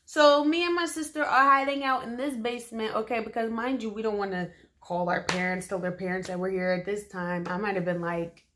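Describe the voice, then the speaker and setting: A woman tells a personal story in a relaxed, chatty way. Her delivery is emphatic and full of slang, and she often turns to her listeners with quick "okay?" asides. Her voice sits at an ordinary middle pitch for a woman. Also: noisy background. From Philadelphia, USA. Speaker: storytime vlogger. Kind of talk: casual storytelling to camera.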